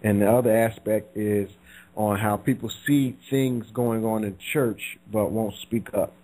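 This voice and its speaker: A man's voice: on the low side, steady tone, a little slow, mellow, low-quality recording. A man co-hosting a faith radio talk show, talking in a laid-back, conversational way.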